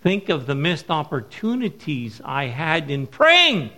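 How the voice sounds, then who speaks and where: A middle-aged man preaching at a missions conference, telling stories and stressing key words slowly. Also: fairly high pitch, wildly swooping pitch, sharp tone. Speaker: missionary speaker. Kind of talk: sermon with storytelling.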